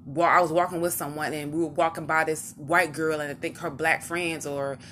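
A woman with a voice on the lower side talks straight to her viewers, casual and rambling as she tells personal stories. She wanders off track, circles back, and slips into acted-out lines of what others said. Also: moderate pace, a little hiss or hum. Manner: rambling, conversational, loses her track and restarts; animated, acts out what others said. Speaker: vlogger. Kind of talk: casual personal storytelling to camera.

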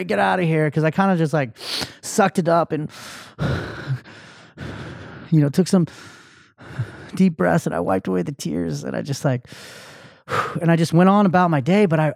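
A man's voice: a little high, gravelly, darkish tone, no room sound, clean studio sound. Candid, emotional male podcast host. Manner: candid, emotional, profane, many fillers and restarts. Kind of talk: personal storytelling monologue.

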